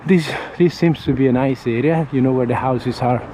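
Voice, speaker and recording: A man from Italy with an Italian accent, chatting casually on a walking vlog and often pausing to search for words, talking into a camera outdoors on a windy street. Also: mid-range voice, dark tone, poor audio. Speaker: vlogger. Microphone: camera mic held near the face. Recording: faint wind and traffic noise outdoors.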